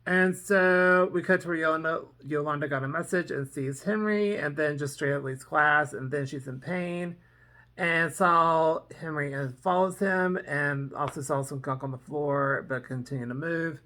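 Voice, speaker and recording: Reaction vlogger: casual, rambling TV recap, filler-heavy, bright and crisp tone, mid pitch. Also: moderate pace. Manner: rambling, with many ums and "and so"; acts out characters' lines in quotes. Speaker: TV reaction reviewer.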